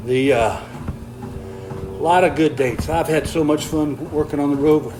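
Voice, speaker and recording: A man's voice: on the high side, measured pace, music in the background, rough recording. Folksy older man on a treadmill. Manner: folksy, easygoing, chuckles often. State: slightly out of breath on a treadmill. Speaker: comedian reading viewer comments on a livestream. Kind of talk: casual livestream chat.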